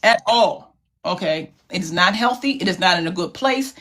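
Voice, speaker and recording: A woman's voice: lowish voice, expressive, moderate pace, a bit bright. A woman hosting a livestream, talking to her viewers in a casual, emotional, heartfelt way. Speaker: livestream host.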